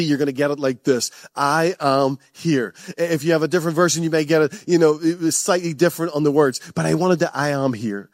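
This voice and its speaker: A man's voice: on the high side, no echo, studio quality. A man preaching a passionate sermon to a church, repeating phrases and chuckling often. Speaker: pastor.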